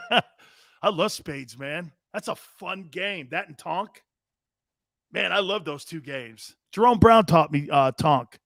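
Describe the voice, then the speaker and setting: Loud mouthed sports talk guy, kinda high voice, swears a lot, dry close mic. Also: expressive, slow, vocal fry, no room sound. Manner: brash, profane, laughing between lines. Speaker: sports talk show host. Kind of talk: casual chat reading live comments.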